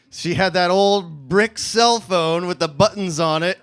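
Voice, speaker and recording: A man's voice: high voice, expressive, unhurried, few pauses, a bit bright, slight background noise. A man in his thirties telling a comic personal story to a live audience, laughing through his lines as he mocks himself.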